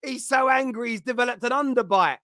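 A man's voice: extremely high pitch, a little fast, bright, forceful tone, dry recording, studio quality. A man hosting a football reaction show, mocking the clips and laughing often. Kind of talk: casual reaction chat.

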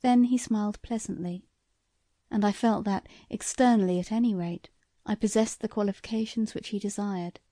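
A woman reads a classic short story aloud in a measured, even way. Her voice is mellow and mid-pitched, and the recording is dry and close. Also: dry recording. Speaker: audiobook narrator. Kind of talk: scripted narration.

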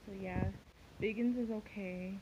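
Slow-talking woman cooing at her cat. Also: medium pitch, steady tone, muffled recording, background noise. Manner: cooing baby talk to her cat, laughing often. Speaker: pet vlogger. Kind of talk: casual pet vlog.

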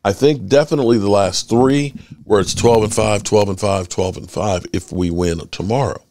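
A middle-aged man hosting his sports channel, chatting casually and rambling through stories with lively swearing. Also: fairly low pitch, normal speed. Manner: animated storyteller, swears freely. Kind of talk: casual rambling fan chat.

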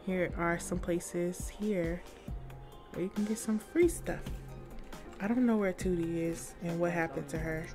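A young woman giving casual, excitable commentary while exploring a game, chatting to her viewers in slangy, upbeat talk. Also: fairly low pitch. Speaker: gaming YouTuber.

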